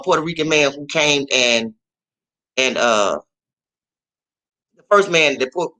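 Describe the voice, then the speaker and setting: A man telling a story in a casual vlog, profane and animated, often repeating his phrases. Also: mid-range voice, rough recording. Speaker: vlogger.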